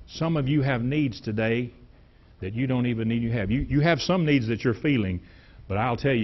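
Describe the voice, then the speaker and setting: Emphatic preacher man, lo-fi recording. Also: mid-range voice. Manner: emphatic preaching with repeated words and sudden loud rises. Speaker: pastor. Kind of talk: sermon. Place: church sanctuary.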